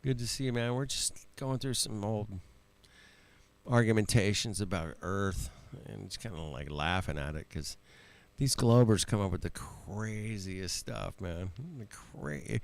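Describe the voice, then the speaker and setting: A man hosting a casual livestream chat, laid-back and laughing often, calling people man and bro and swearing freely. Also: medium pitch. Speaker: livestream host.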